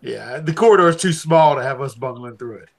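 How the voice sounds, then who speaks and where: A man playing a tabletop game over a video call, describing scenes in a relaxed way. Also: medium pitch, a little fast, vocal fry. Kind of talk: casual game chat.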